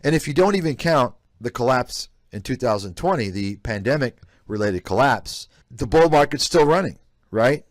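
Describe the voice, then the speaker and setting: Brief: male host, mid pitch, dry close sound, blunt and scornful rant. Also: expressive, normal speed, no echo. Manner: blunt, scornful, repetitive ranting. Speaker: host, investment analyst. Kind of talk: live-stream commentary reacting to clips.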